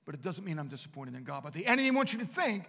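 Preaching at a racing clip, a man with a high, gravelly, husky voice addresses students in a big Bible college room. His sing-song sermon shifts from quiet reflection to forceful proclamation, every phrase followed by a long hall echo.

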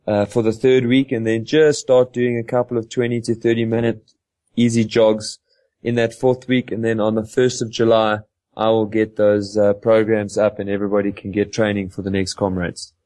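Flat-voiced male running coach. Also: lowish voice, normal speed, no echo. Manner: calm, matter-of-fact explaining. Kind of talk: casual podcast advice.

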